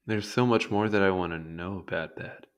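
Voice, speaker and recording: A young man with a low-pitched voice at moderate pace reads an encyclopedia article aloud as a video host. He drifts into amused, rambling asides, giving casual read-along commentary on the wiki article.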